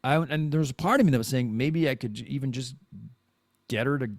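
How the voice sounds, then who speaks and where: A man hosting a live-streamed podcast, talking in a rambling, animated way, restarting and repeating words as he thinks aloud. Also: medium pitch, quick pace, no echo, clean studio sound. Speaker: podcast host. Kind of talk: casual live-streamed monologue.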